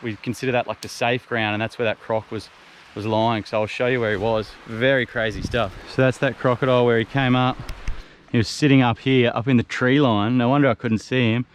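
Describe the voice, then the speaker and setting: A young man fishing and filming outdoors on a mangrove beach, talking casually and exclaiming loudly when excited. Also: medium pitch, fairly quick, slight background noise. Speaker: fishing adventure vlogger. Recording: background music over outdoor audio.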